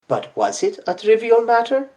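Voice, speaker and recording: A fussy, sharp-minded older detective, put on by an audiobook reader who presses with precise, pointed questions. The voice sits higher than the reader's own and swings widely in tone. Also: huge pitch swings, normal speed. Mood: probing.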